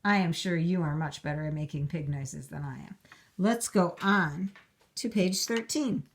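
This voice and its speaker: A woman teacher reading a storybook aloud to young children, slow, clear and encouraging. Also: fairly low pitch.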